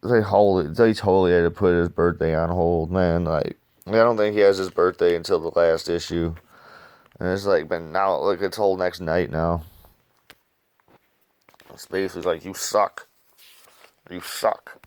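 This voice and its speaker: A man's voice: sits low, steady tone, normal speed, darkish tone, clear, resonant tone. A man casually reviewing comics in rambling, slangy talk, throwing in "dude" and swearing freely.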